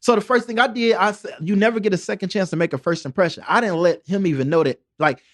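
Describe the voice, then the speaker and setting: Fast-talking, jokey Detroit storyteller man. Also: high-pitched, no room sound, clean studio sound. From Detroit, USA. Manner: jokey, streetwise, full of "you know what I mean" asides. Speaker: podcast guest, door-to-door salesman. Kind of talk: animated storytelling in casual conversation. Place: podcast studio.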